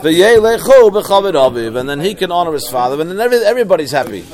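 Man teaching Talmud, rather high voice. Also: very animated, fast talker, darkish tone. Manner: translating Aramaic phrase by phrase, explanatory. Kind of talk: Talmud study class.

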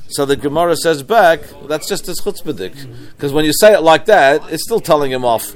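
Man teaching Talmud, rather high voice. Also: big pitch swings, normal speed. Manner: translating Aramaic phrase by phrase, explanatory. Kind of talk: Talmud study class.

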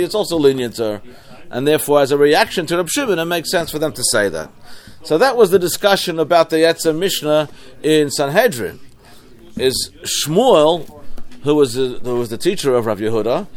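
Man teaching Talmud, rather high voice. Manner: translating Aramaic phrase by phrase, explanatory. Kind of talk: Talmud study class.

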